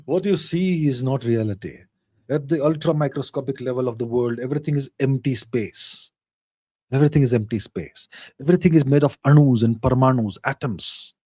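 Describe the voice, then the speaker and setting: A man's voice: mid-range voice, a little mellow, dry recording, studio quality. A middle-aged man hosting a casual live Q&A, answering viewer questions in an emphatic, lecturing way and repeating phrases for stress.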